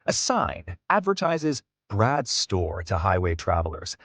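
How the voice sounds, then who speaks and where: A man narrating a text adventure game in a measured, storybook manner. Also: sits low, big pitch swings, fairly bright tone, dry recording. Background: background music.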